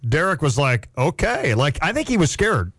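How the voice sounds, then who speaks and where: A man's voice: a little high, a little fast, dry recording, clean studio sound. A man in his forties hosting a sports radio show, talking casually and laughing often. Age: 40s. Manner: chatty, laughs often, animated.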